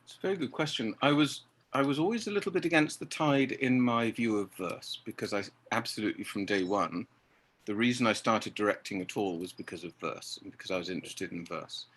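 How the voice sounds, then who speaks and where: A man's voice: lowish voice, a little fast, fairly bright tone. A man, a theatre director speaking articulately in an interview. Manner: articulate, acts out voices in quotes. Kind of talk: interview conversation.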